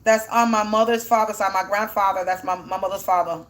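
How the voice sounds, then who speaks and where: A woman's voice: mid-range voice, fairly even intonation, brisk, a bit bright. A woman giving a casual spiritual reading, thinking aloud in a rambling way as she asks and answers her own questions, her voice sounding teary as if near crying. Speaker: spiritual energy reader.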